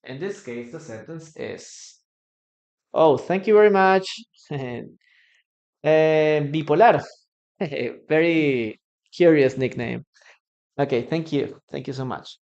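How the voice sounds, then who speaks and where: Slow-paced teacher with a Peruvian Spanish accent. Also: mid-range voice, darkish tone, dull audio. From Peru. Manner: repeats words slowly and drills pronunciation; encouraging, thanks viewers often. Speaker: English teacher. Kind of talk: live online English lesson.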